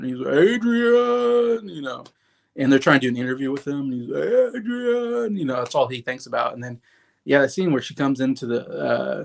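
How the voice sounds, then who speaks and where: A man's voice: medium pitch, vocal fry. A man in his thirties talking casually about favorite films, rambling with lots of "like" and "you know" and gushing with enthusiasm. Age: 30s. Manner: enthusiastic, openly sentimental. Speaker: movie reviewer. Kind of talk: casual movie commentary.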